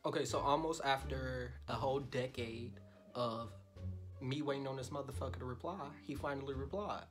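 A young man vlogs in a loud, joking voice full of swearing, then turns soft and mock-tender when he reads out his messages. His voice sits at an average pitch, and music plays clearly behind him. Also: normal speed. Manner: loud, profane and joking, swings to soft mock-romantic reading. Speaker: YouTuber. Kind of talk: casual vlog talk.

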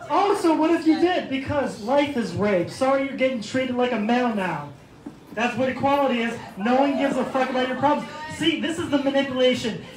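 A male stand-up comedian on a club stage, mocking and combative, shouting insults at hecklers. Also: very high voice, lively intonation, brisk. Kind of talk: stand-up set turning into shouting match. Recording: echoey club with crowd noise.

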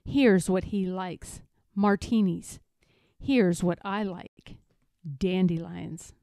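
A woman's voice: fairly low pitch, takes it slowly, gravelly, no room sound. Playful woman reading a storybook aloud. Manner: playful, expressive, emphatic. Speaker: read-aloud narrator. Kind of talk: reading a children's picture book aloud.

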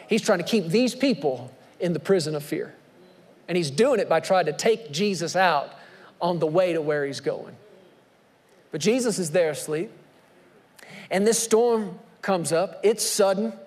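A man's voice: high voice, a little mellow. A man preaching a sermon from the pulpit, emphatic, posing rhetorical questions to the congregation. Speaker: pastor. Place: church sanctuary. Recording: long reverb of a church hall.

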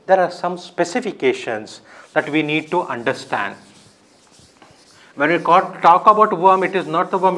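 A man's voice: high-pitched, fairly bright tone. A man giving a recorded lecture, explaining step by step, often asking his own questions and answering them.

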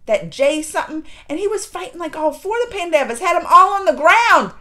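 A woman with a high, bright voice recaps a TV episode for her reaction channel in casual, easy talk. She is openly emotional, acting out what the characters said as she goes. Her tone swings between loud, excited outbursts and quiet, upset asides. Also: brisk. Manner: emotional, animated retelling with quoted voices. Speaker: reaction video host.

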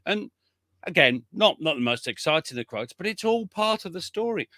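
Bright-voiced male historian, chatty and blunt. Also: high voice, big pitch swings, moderate pace, no room sound, clean studio sound. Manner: chatty, frequent restarts and chuckles, blunt asides. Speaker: military historian guest. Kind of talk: casual conversational interview.

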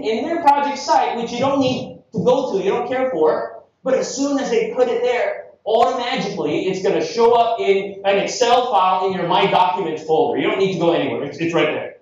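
A man from the Philippines giving a jokey, energetic conference keynote, calling the crowd friends. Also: sits high. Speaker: keynote speaker. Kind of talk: humorous conference keynote with live demo. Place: large conference hall. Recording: echoey hall from far off, dull.

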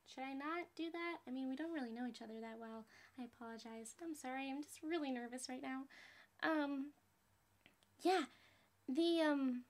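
A woman doing Ruby, a bubbly high-voiced teen girl. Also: a little mellow, close to an everyday voice. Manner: bubbly, rambling, apologetic. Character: perky nervous teen girl heroine. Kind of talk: fan voice impression.

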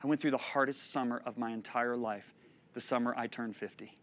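A man in his fifties preaching a sermon, telling stories expressively and swinging between loud and hushed delivery. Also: mid-range voice, fairly even intonation, brisk. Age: 50s. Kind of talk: sermon teaching.

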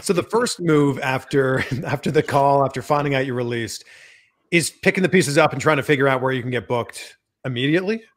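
A man hosting an interview, asking quick, conversational questions. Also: medium pitch. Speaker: interview host.

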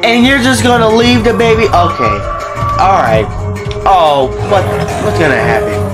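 A man's voice: high voice, moderate pace, loud music behind the voice. A man hosting a reaction video, talking casually, exclaiming in disbelief and swearing freely.

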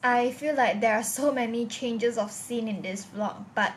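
A woman's voice: fairly high pitch, moderate pace, noisy background. A young woman with a Malaysian English accent, chatting expressively in a casual vlog and telling stories with lots of "like" fillers. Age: young adult. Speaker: vlogger.

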